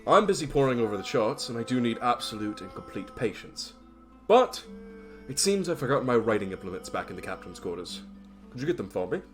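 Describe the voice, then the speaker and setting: A man voicing a stern, busy middle-aged ship captain who talks in a gruff, clipped, impatient way. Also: medium pitch, sing-song, a little fast, soft background music, voice pushed down, natural voice.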